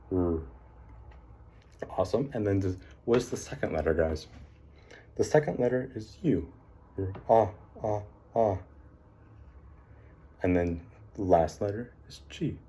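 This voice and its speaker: Male teacher, low mellow voice, upbeat praise, drawn-out letter sounds, filler-heavy. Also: animated. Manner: encouraging, sounds out letters slowly; frequent fillers like um and like. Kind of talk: classroom phonics lesson.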